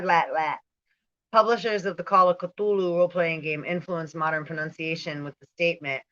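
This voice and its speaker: With a low-pitched, slightly bright voice over lo-fi sound, this woman hosts a spiritual channel, reading aloud while chatting as she goes. She trips over difficult words, laughs, and drifts off into digressions.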